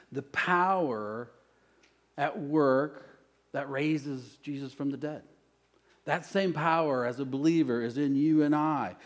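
A pastor preaching a sermon, moving between hushed lines and loud, emphatic calls. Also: male voice, medium pitch. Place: church.

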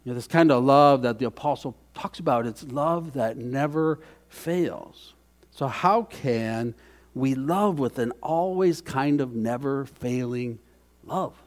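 A man preaching a sermon as pastor, earnest, repeating key phrases and dropping softly for emphasis. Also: medium pitch, slow.

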